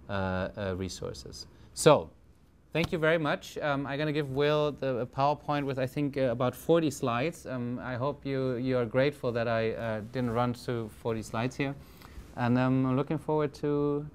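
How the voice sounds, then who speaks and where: A man's voice: medium pitch, a little mellow, a little hiss or hum. A man with a German accent giving a conference talk, hesitant, with many fillers and restarts. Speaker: panel speaker.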